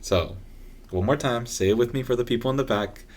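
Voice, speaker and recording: A woman's voice: very deep voice, fairly quick, a little mellow. A woman co-hosting a podcast in casual chat, playful and fussy about how words are pronounced. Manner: playful, corrects pronunciations with emphasis. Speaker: podcast co-host.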